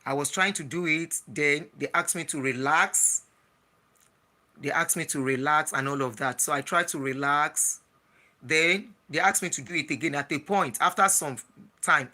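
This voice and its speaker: An adult vlogger with a Nigerian accent and a very bright, sharp tone. The story comes out as casual chat that mixes in Pidgin. It is full of small restarts and asides. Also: medium pitch, normal speed. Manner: chatty, slips into Pidgin, frequent restarts. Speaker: travel and lifestyle vlogger.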